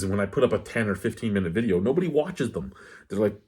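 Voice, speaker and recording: A man with a slightly low, husky voice, casually reviewing a beer on camera. He chats loosely and wanders off into tangents before coming back. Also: animated, fast, a little mellow. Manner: rambling, digressive, candid; talks with his hands.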